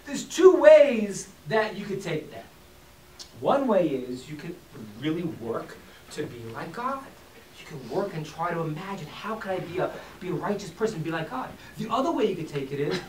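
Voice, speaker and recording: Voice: mid-range voice, moderate pace. A teacher giving an informal talk to a live audience, acting out quotes and joking with the room. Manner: animated, acts out quotes and jokes with the room. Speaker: teacher of a class. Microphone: distant from the mic. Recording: echoey room, distant mic, faint hiss.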